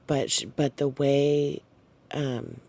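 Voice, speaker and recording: A man recounting a dream to his viewers in a halting, soft-spoken way, with frequent fillers and small apologies. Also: mid-range voice, little pitch movement. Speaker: channel host sharing a dream.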